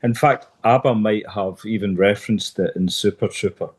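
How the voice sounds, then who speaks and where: A low-voiced man settles into a long anecdote on a chat podcast. His delivery is relaxed and easygoing, with plenty of asides. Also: moderate pace, breathy edge. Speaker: podcast co-host. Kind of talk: casual storytelling chat.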